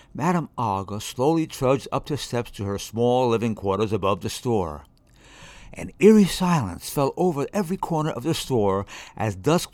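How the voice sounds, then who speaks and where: Brief: male storyteller, very lively pitch, dry close sound. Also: no echo. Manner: expressive, shifting voices. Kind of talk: children's story reading.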